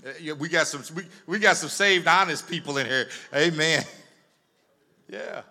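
A man's voice: fairly high pitch, moderate pace, bright, forceful tone. A man preaching as pastor, chatty and teasing, often repeating words as he tells a funny story. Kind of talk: sermon with humorous storytelling.

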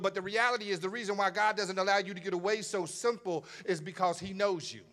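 Man preaching a sermon; high, bright voice, fervent build with stammered repeats. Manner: preaching cadence with repeated stammers and rising fervor.

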